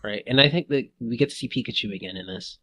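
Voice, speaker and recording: A man co-hosting a podcast, chatting in an excitable, rambling way and laughing often. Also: mid-range voice, fast talker, no echo. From United States. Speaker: podcast co-host. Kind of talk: casual chat.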